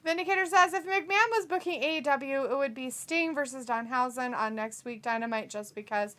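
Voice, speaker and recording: A woman's voice: high voice, brisk, pushed and bright. A woman, co-hosting a wrestling watch-along, reading chat messages aloud, teasing and laughing often.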